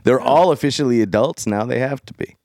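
A man who works as a DJ, chatting casually as a podcast guest and telling stories with lively acted-out quotes. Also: medium pitch, brisk, no room sound, studio quality. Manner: animated storyteller, acts out quoted voices.

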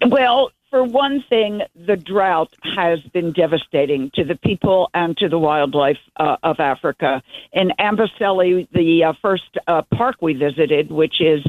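Her voice fairly low and a little slow, an older woman tells stories enthusiastically and meanderingly as a guest journalist. The casual interview is conducted over a dry, tinny phone line with no echo.

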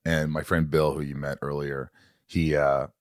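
Very deep-voiced podcast host. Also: male voice, moderate pace. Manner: relaxed, conversational. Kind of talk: casual podcast chat.

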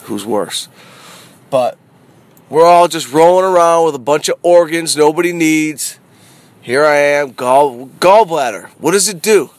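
A middle-aged man, a comedian, talking casually in a car in a rambling, animated way that repeats phrases. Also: a little high. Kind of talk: casual car vlog monologue. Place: inside a parked car. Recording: noisy street ambience.

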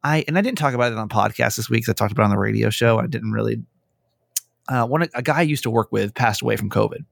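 A man's voice: medium pitch, fast talker, gravelly, no room sound. A young man who hosts radio and a podcast, telling stories in casual chat, acting out quotes and swearing often. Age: young adult. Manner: animated storytelling, acting out quotes, frequent swearing.

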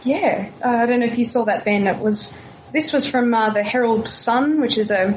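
A woman's voice: fairly high pitch, normal speed, a little hiss or hum, low-quality recording. Chatty female podcast co-host. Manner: hesitant, many fillers and restarts. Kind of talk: casual podcast chat.

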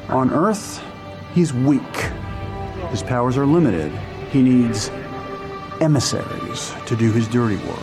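Casting note: actor doing an ominous film voice explaining dark rules, with score underneath. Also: male voice, mid-range voice, a little slow, long pauses, music in the background, natural voice.

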